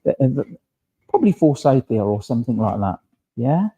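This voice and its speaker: Man doing mediumship at a service, really deep mellow tone, keeps going "yeah?" all gentle. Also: sing-song, normal speed, slightly rough, poor audio. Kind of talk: relaying spirit messages in a church service. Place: village hall.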